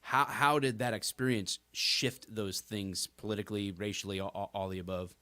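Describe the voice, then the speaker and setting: Low-voiced man asking interview questions. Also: steady tone, moderate pace, sharp tone, clear, resonant tone, dry recording. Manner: searching, builds questions with restarts. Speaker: host.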